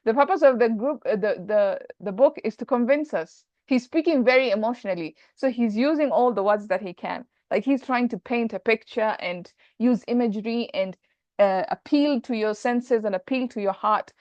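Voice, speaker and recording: A woman's voice: on the high side, normal speed, a little mellow, dry recording. Woman teaching Arabic grammar, muffled sound. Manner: explains step by step, mixing English with Arabic terms, self-correcting. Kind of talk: classroom lesson explaining Arabic grammar.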